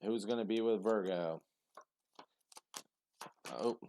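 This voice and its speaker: A man giving a casual tarot reading to camera, chatty and expressive, who gets caught up in his feelings. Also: fairly low pitch, a little slow, pauses often. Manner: expressive, chatty, gets emotional, many ums. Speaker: tarot reader.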